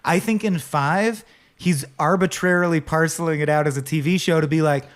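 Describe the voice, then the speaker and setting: A man co-hosting a casual comedic podcast, talking in an animated way and slipping into quick silly voices for the people he describes. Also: a little high. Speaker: podcast co-host.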